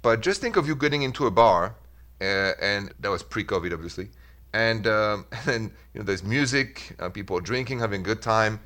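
A middle-aged Frenchman hosts a call-in radio show on dating advice, chatting lively in his French accent and sprinkling in French phrases. His voice is lowish and his pace brisk.

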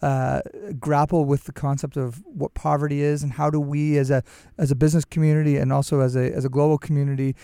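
Male podcast host, gravelly and hesitant in his questions, dry close mic. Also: a little high, flat delivery, warm tone, no echo. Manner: halting, many restarts and "uh"s. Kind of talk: interview questions.

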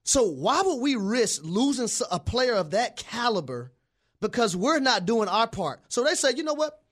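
High, wildly animated male radio host. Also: moderate pace. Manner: excitable, hollering, sing-song. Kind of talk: excited sports radio chat. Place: radio studio. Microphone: studio microphone.

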